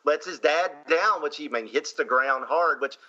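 Man, Southern accent, bright voice, muffled lo-fi sound, casual movie chat, laughs often. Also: on the high side, moderate pace. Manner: chatty, laughs often, many fillers. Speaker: podcast co-host.

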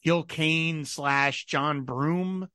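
A man co-hosting a casual comics podcast, animated and laughing often, slipping into mock voices for asides. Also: a little high, extremely slow, dry recording, studio quality. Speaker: podcast co-host. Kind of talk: casual chat about comics.

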